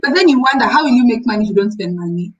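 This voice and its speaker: High-voiced woman telling stories. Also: rapid-fire, muffled recording. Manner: animated storyteller, acts out callers. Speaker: co-host, rabbit seller. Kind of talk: casual business chat.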